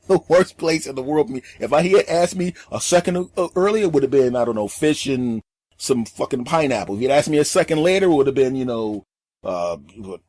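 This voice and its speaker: A middle-aged male comedian telling a story in an animated, emphatic way, acting out every scene. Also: on the high side, husky, dry recording. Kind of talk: comic storytelling.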